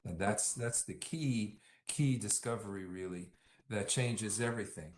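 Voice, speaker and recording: A man calmly explains a science idea in an interview, building up to it step by step with everyday comparisons. His voice is fairly low, and it rings in a roomy, echoey space. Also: slight background noise. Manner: measured, uses everyday analogies, slows on key points.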